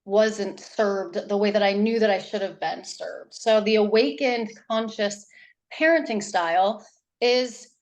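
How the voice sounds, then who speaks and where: A woman's voice: medium pitch, unhurried. Chatty woman parenting coach. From New Hampshire. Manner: animated, rambling, many restarts. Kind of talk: casual interview talk.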